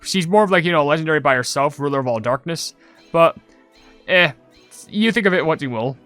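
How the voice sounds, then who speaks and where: A young man casually commenting on his gameplay and reading viewer comments, chatty and rambling, getting loudly excited over loot. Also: a little high, a little fast, no echo, faint music behind. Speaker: gaming channel host.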